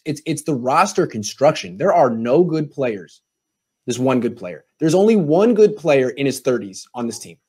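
Husky man hosting a sports panel. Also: fairly high pitch. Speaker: host. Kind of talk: casual sports talk panel.

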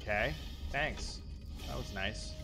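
A man casually commenting while he streams a video game, excitable, swearing and talking to the game. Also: fairly low pitch, slow pace, vocal fry. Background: loud game music.

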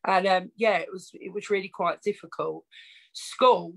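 A woman's voice: on the low side, a little slow, gravelly, low-quality recording. A woman with an Essex accent, telling her life story as a podcast guest in a chatty, frank, self-mocking way. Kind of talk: casual storytelling interview.

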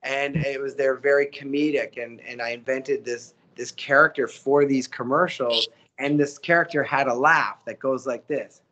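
A man, a voice actor telling stories as an interview guest, animated and slipping into character voices. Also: mid-range voice, moderate pace. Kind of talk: casual storytelling interview.

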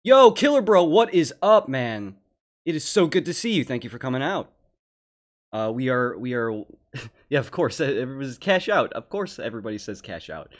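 A man hosting a live reaction show, commenting excitably and laughing along with a stream. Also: mid-range voice, moderate pace.

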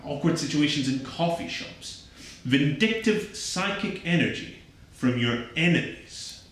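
A man's voice: fairly high pitch, animated, measured pace, a bit bright, very echoey, poor audio. A man speaking solemnly and grandly in a documentary interview. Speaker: bearded interviewee.

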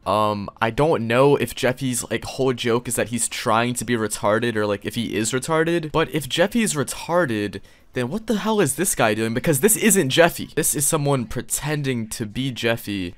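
A young man doing comedic reaction commentary, crude and loud, breaking into mock outrage and sudden yelps. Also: mid-range voice, animated, normal speed, no echo. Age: young adult. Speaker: YouTube commentator.

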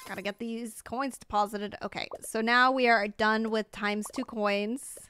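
A woman's voice: fairly high pitch, steady tone, a little slow, pushed and bright, a little hiss or hum. Bubbly American woman streaming live. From United States. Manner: bubbly, chatty, exclamatory. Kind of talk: live game commentary.

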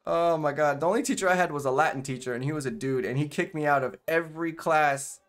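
A man's voice: fairly high pitch, fast, fairly bright tone. A man hosting casual gameplay commentary, loose and chatty, slangy, and he swears freely. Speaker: gaming channel host.

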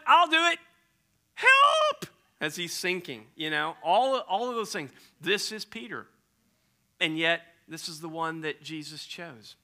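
A man's voice: on the high side, pushed and bright. A man preaching a sermon, telling stories in a casual, conversational way with slang. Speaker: pastor.

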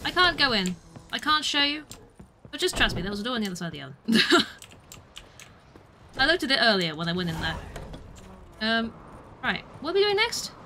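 A woman streamer giving casual gaming commentary, giggly and excitable, often breaking into shrieks. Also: a little high, a little fast, long pauses. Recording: noisy stream audio.

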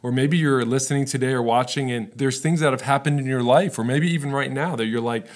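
A man's voice: medium pitch, a little fast. Casual, conversational male pastor preaching. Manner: casual, relatable, often checks in with "right?". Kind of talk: conversational sermon.

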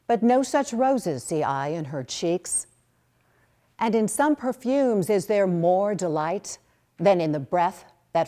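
A woman reciting as a wry, fond lover who mocks ideal beauty in a Shakespeare sonnet. The voice sits a little low and moves at an unhurried pace, each line measured. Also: a little mellow.

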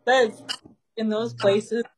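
A woman teaching a small group in a casual storytelling way, animated and laughing often as she talks. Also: a little high, slow pace, husky, rough recording. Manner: animated, laughing often while telling stories.

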